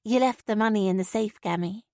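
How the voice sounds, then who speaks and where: A woman's voice: medium pitch, brisk, mellow, no room sound, studio quality, lightly acted. A woman reading an audiobook, voicing a weary, frustrated young granddaughter.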